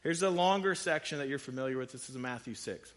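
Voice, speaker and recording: A man's voice: medium pitch, quick pace, fairly bright tone. A man preaching a sermon, talking casually and reading scripture aloud with rising emphasis. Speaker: pastor.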